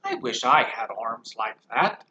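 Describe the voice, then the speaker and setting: A man voicing a small young boy hare from a storybook, speaking high, loud and drawn out. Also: huge pitch swings, a little slow, echoey room, dull audio, a little hiss or hum, heavily acted. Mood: wistful.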